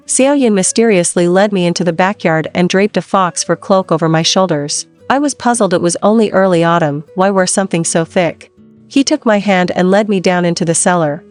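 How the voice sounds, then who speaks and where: A woman reading a first-person romance story in a calm, even scripted narration. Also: on the low side.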